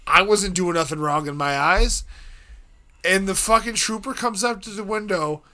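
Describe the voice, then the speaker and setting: A man from Ohio telling a story in casual, profane, animated chat. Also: high voice, moderate pace.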